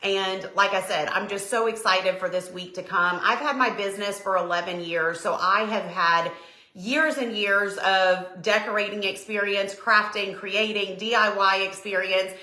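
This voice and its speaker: A middle-aged woman from Tennessee with a Southern accent, chatting casually and warmly greeting viewers by name on her live stream. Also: medium pitch, fairly even intonation, moderate pace. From Tennessee, USA. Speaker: decor business owner hosting a live stream. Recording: echoey room.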